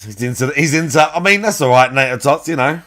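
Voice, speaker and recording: A man's voice: medium pitch, fast talker, bright, forceful tone. A man mocking a clip in a reaction commentary, sarcastic, swearing and laughing often.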